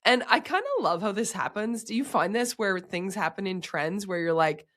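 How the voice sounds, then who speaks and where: Hoarse, raspy woman podcast host. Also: mid-range voice, moderate pace. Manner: animated, laughs easily, acts out quotes. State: hoarse from a cold. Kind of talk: casual podcast chat.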